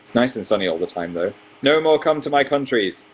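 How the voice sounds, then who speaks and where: Animated and brisk, this man in his twenties has a medium-pitched voice and poor audio. Hosting a casual live stream, he reads out questions from viewers and answers them one by one, throwing in playful asides.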